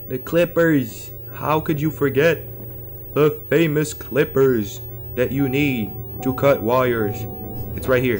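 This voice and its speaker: A man's voice: medium pitch, slow pace. Young man, horror let's play commentary, jittery and laughing, faint music behind. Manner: jittery, laughing, talks to the game and viewers. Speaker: gaming YouTuber.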